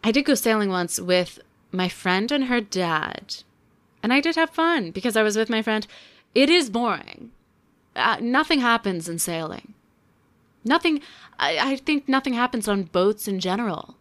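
A woman in her twenties reviewing a book in casual commentary, with sarcastic deadpan asides. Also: a little high, normal speed.

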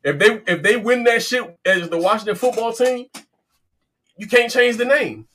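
A man's voice: very high-pitched, normal speed, a bit bright. A man co-hosting a casual sports chat, rambling with restarts, casual and profane. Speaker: co-host.

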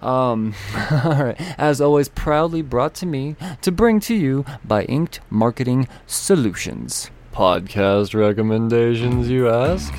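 A man's voice: mid-range voice, very animated, takes it slowly, darkish tone. Rambling man hosting a comics podcast. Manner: rambling, self-amused, with restarts. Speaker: podcast host. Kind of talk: casual podcast chat and ad reads.

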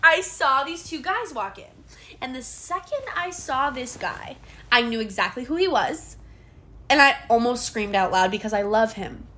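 High-voiced woman, casual storyteller, excitable and gushing, in a hotel room. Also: normal speed. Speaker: co-host.

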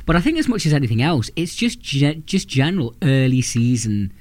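Brief: male co-host, thoughtful and halting, mid-pitched, dry close sound. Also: very animated, a little mellow, dry recording. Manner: thoughtful, hesitant, many restarts. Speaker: podcast co-host. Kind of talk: casual football chat.

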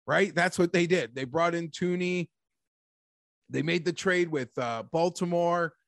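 A man hosting a casual sports talk show, animated and rambling, talking like an emphatic fan. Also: fairly high pitch, measured pace, gravelly, no echo, studio quality. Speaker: sports podcast host.

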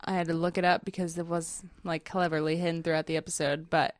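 A woman's voice: low-pitched, little pitch movement, quick pace, no echo. A woman co-hosting a casual TV recap podcast, laughing often and giving blunt, wry opinions. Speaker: podcast co-host.

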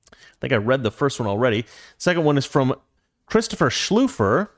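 A man's voice: mid-range voice, fast, dry recording, clean studio sound. A man in his forties from the United States hosting a casual political commentary show, speaking opinionatedly and directly to his viewers. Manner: opinionated, talks straight to viewers. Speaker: show host.

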